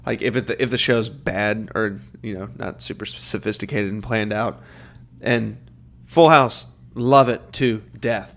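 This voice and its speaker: A man's voice: fairly low pitch, fairly even intonation, measured pace, gravelly, a bit bright. A young man co-hosting a podcast in casual chat, rambling and thinking aloud with lots of fillers. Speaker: podcast co-host.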